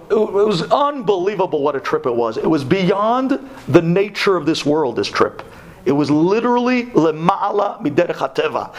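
A man from Brooklyn telling a religious story on the radio, swinging from hushed words to loud, half-sung ones. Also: high voice. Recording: radio talk recording.

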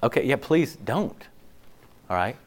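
Male pastor, mid-pitched, conversational sermon with animated asides and frequent check-ins. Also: a little slow. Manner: conversational, animated, acts out imagined listeners' reactions; frequent "okay?" and "like" fillers.

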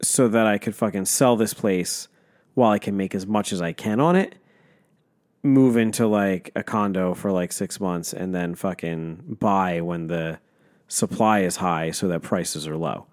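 A young man with a somewhat low voice chats on a podcast. He is blunt, swears freely and often talks over the other speaker. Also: a little slow. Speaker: podcast co-host. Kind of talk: casual chat.

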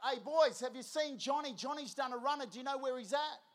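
A man's voice: extremely high pitch, a little fast. A man voicing a devoted, worried shepherd who calls out urgently for a lost sheep. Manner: calling out, urgent and loud.

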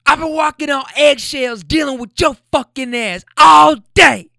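A man voicing a furious young woman screaming at her partner in the street, shrill and yelling at the top of her lungs. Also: unhurried, creaky, no room sound, clean studio sound, exaggerated voice.

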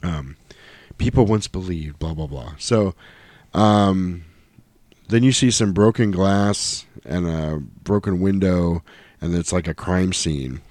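A man's voice: low voice, takes it slowly, a little mellow, no echo. A middle-aged man co-hosting a podcast, recapping a film in a rambling, casual way and acting out lines in voices. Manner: rambling, quoting scenes in voices. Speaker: podcast co-host. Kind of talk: casual movie recap chat.

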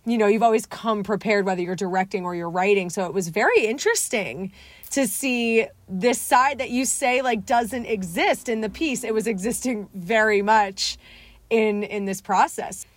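A woman's voice: mid-range voice, normal speed, no room sound. A woman hosting a casual interview over a video call, gushing and supportive of her guest. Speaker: host.

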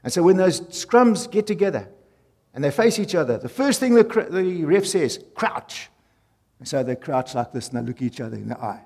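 A man preaching a sermon, emphatic, repeating key phrases and swinging from loud to soft. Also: fairly high pitch, big pitch swings, fairly quick, husky. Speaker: pastor. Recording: long hall reverb.

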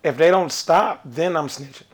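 A man co-hosting a podcast in casual chat, animated and jumping between ideas. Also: a little high, normal speed, slightly rough. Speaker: podcast co-host.

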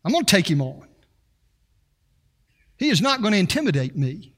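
A man preaching a sermon to his church, animated and emphatic, acting out quotes with attitude. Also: high voice, normal speed, long pauses, in a large hall. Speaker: pastor.

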